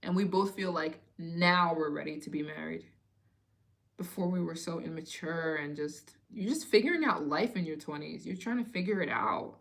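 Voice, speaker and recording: A young woman in her late twenties hosts a live Q&A stream, chatting casually. Her voice sits a little low for a woman. She tells her stories in a loose, expressive way. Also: normal speed, vocal fry. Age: 20s. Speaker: travel vlogger hosting a live Q&A.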